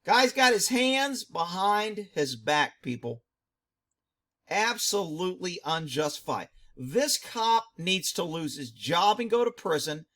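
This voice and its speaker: A man's voice: high voice, animated, slow pace, bright, forceful tone. A middle-aged man, a former police dog handler, giving blunt, indignant commentary on a video.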